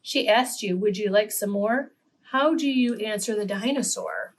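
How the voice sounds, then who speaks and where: A woman reading a picture book aloud to preschool children, animated and pausing to ask her young listeners questions. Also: mid-range voice, slight background noise. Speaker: children's story reader.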